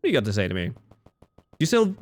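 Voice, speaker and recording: Animated, playful male streamer. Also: quick pace. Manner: playful, giggly, jumps into squeaky silly voices. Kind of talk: live-streamed gameplay chat.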